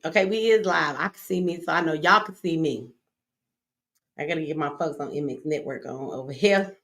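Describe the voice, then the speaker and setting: A woman's voice: low-pitched, brisk, a bit bright. A woman hosting a casual livestream, talking in with a brash, joking manner, swearing freely and ribbing her chat. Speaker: livestream host. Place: home studio.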